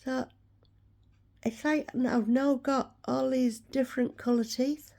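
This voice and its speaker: A woman's voice: high-pitched, steady tone, takes it slowly, vocal fry, mellow. A woman, chatting frankly to camera and ranting about a dentist. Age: 60s. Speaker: vlogger. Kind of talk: casual chat to camera.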